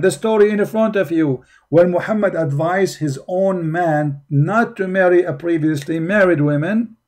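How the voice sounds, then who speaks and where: Mocking man with a dark voice. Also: high-pitched. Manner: mocking, emphatic, repeats rhetorical questions. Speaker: religion critic presenting. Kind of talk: commentary on articles.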